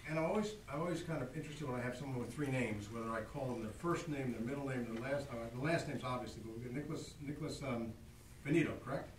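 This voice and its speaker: Fast-talking man chairing a county meeting. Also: mid-range voice. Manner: genial, chatty with restarts. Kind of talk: public meeting remarks. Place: large public meeting room. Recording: echoey, distant, noisy meeting room.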